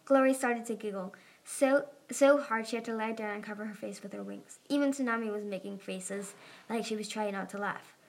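A woman reading a children's fantasy book aloud, expressive, doing character voices. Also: mid-range voice, a little fast. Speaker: audiobook reader. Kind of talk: amateur audiobook narration.

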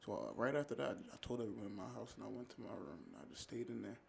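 A young man from Ghana, a college athlete, chatting casually as a podcast guest in a laid-back, slangy, halting way. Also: lowish voice, very animated, creaky, a little mellow, slight background noise. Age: young adult.

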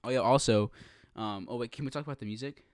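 A man's voice: medium pitch, quick pace, no room sound, clean studio sound. Joking teen guy from Texas. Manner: jokey, laughing, teasing. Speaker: podcast co-host. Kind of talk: casual chat.

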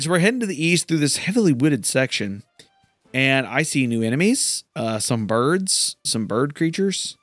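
A gamer with a mid-range voice gives casual, rambling let's play commentary, often sounding incredulous at what happens in the video game. The recording is dry.

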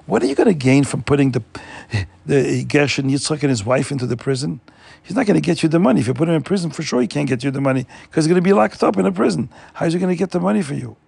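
A man's voice: a little high, expressive, racing, gravelly, darkish tone, slightly rough, dry recording, full character voice. A man doing a scheming, cruel village priest. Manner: urging, plotting.

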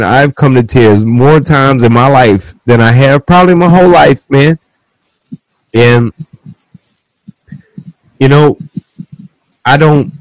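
A man's voice: medium pitch, dry recording, poor audio. A man hosting a casual podcast chat with childhood friends, swearing a lot and talking in a heated, emotional way. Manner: profane, emotional, protective. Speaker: podcast host.

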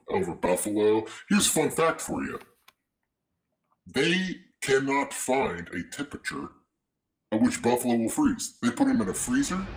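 A man cohosting a casual sports podcast, wry and jokey in his picks. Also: medium pitch. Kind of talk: casual chat.

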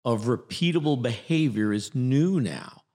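A man who coaches actors, explaining his ideas in a lively, repetitive way during a conversational interview. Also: medium pitch, unhurried. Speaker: acting coach.

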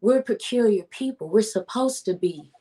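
A woman guest who writes and produces music, speaking in a low-key, reflective way with many fillers. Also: animated, moderate pace, warm tone, slightly rough. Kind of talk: casual interview talk.

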